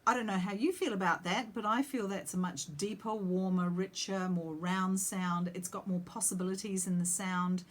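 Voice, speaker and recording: A woman's voice: medium pitch, fairly even intonation, moderate pace, hardly any pauses. A woman singing teacher explaining vowel shapes, breaking off to sing short demonstration vowels. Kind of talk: vocal lesson with sung demonstrations.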